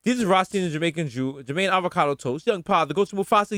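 A man co-hosting a podcast, rattling off boastful nicknames in rapid-fire riffs with swearing. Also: high voice, sharp tone, dry recording, studio quality. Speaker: podcast co-host. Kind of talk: hype intro of nicknames.

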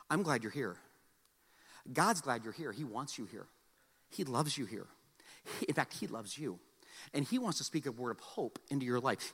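A man preaching a sermon, telling a personal story with animated, loud exclamations and soft, earnest appeals. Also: fairly high pitch. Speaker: pastor. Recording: long hall reverb.

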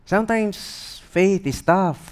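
A man with a Filipino accent preaching a sermon as pastor, telling stories in an animated, humorous way. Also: sits high, measured pace. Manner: animated, humorous storytelling mixing English and Tagalog.

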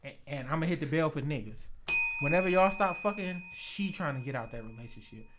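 Lively man telling stories. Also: on the high side, fairly quick, very noisy. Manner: animated storyteller, acts out quotes, laughs often. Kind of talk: casual chat.

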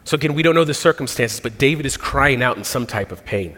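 A man preaching a sermon, earnest and reflective, pausing and restarting as he works through a psalm. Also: on the high side, animated, fairly bright tone. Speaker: pastor. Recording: long reverb of a large hall.

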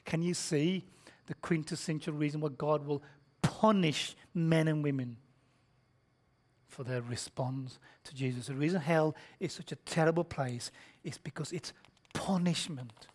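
A man preaching a sermon, blunt and confrontational, swinging between hushed, whispered lines and shouted passages while quizzing his listeners. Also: on the high side, a little slow.

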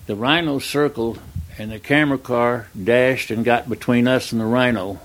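An older man, a retired stuntman, telling a long anecdote in an interview, acting out the dialogue in plain, relaxed speech. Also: mid-range voice, normal speed. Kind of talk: storytelling in an interview.

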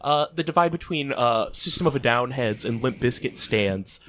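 Loud manic man, clicks in background. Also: medium pitch, lively intonation, normal speed, a little hiss or hum. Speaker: podcast co-host. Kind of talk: casual chat.

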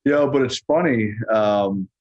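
This is a musician guest from New York, talking from his home studio over a call. His voice is fairly low, and the sound is dry and a bit dull and lo-fi. He rambles easily, filling nearly every pause with "you know" and "um". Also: dry recording. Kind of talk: casual interview chat.

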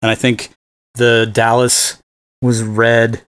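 A man's voice: medium pitch, monotone, slow pace, a bit bright, clear, resonant tone, no room sound. A man co-hosting a podcast, chatting casually and enthusiastically about a film, rambling with fillers. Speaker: podcast co-host. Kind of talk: casual movie discussion.

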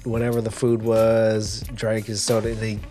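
A man's voice: lowish voice, normal speed. Man, podcast co-host, casual storytelling, profane, acts out quotes, faint music. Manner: profane, animated retelling with acted-out quotes. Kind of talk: casual storytelling among friends.

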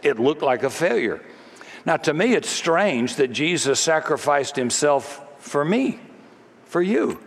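Dramatic preacher in a reverberant hall. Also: male voice, fairly high pitch, very animated, unhurried. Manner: dramatic preaching, acting out crowd voices. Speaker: pastor. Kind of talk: sermon.

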